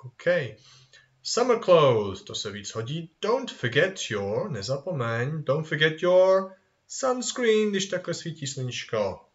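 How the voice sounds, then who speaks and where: Lively, slow-talking male English teacher. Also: a little high. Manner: animated, sing-song, models phrases and answers himself. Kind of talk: children's language lesson review. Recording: dull lo-fi recording.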